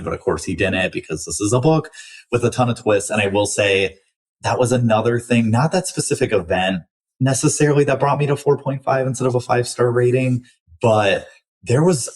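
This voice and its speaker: A man's voice: fairly low pitch, breathy edge. A young man hosting a book podcast, chatting casually through a review with lots of likes and restarts.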